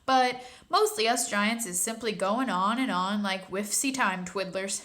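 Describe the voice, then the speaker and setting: A kindly, ancient giant who jumbles his words into silly inventions and clips his endings in a rustic lilt, as a woman reads him aloud. The tone stays bright and forward. It carries the feel of a children's storybook reading. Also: medium pitch, measured pace, natural voice. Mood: earnest. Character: kindly old male giant, muddled speech.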